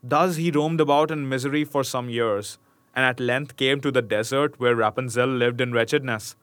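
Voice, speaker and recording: A man's voice: medium pitch, steady tone, moderate pace, a bit bright, no room sound. A young man casually reading a fairy tale aloud, stopping to joke and chuckle between passages. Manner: laid-back, joking, chuckles between asides. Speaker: storyteller.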